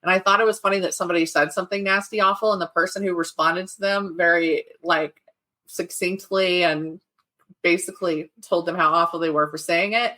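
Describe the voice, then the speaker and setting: Bright-voiced woman hosting a crime podcast. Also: on the low side, fairly even intonation, fairly quick. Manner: chatty, laughing asides while narrating. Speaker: podcast host. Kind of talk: casual chat and true-crime storytelling.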